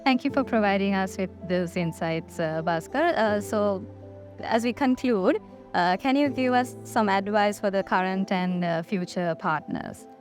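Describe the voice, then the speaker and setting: A woman with a mid-pitched voice hosts a business interview. She asks polite, slightly hesitant questions, pausing on fillers. Faint music sits under her voice.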